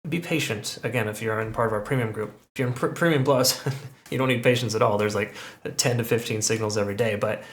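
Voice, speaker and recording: A man's voice: fairly low pitch, quick pace, a little hiss or hum. A man walking through crypto price charts in a conversational way, often checking in with "okay" and "right?". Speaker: crypto market analyst. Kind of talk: chart analysis commentary. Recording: roomy echo.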